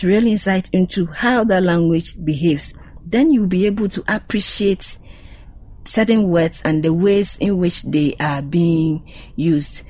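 A Ghanaian woman on a faith panel, explaining points patiently with examples. Her voice sits a little low and has a husky edge. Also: unhurried, darkish tone, dry recording, low-quality recording. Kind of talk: panel discussion on Bible study.

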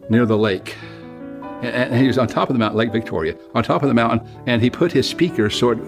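An older man gives an evangelistic sermon with earnest, pleading appeals. His voice sits low with a gravelly edge. Music plays clearly underneath him. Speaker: preacher. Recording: music playing behind.

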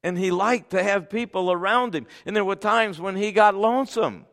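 Male pastor, sermon delivery, loud-to-soft dynamics, slightly high pitch, long hall reverb. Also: normal speed, vocal fry. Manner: swings from loud forceful scripture reading to soft tender near-whisper. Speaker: preacher.

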